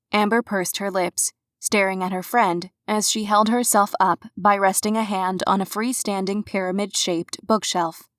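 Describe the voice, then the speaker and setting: Audiobook narrator: woman, mid-pitched, measured, dry studio sound. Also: no echo. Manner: even, measured storytelling. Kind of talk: scripted narration.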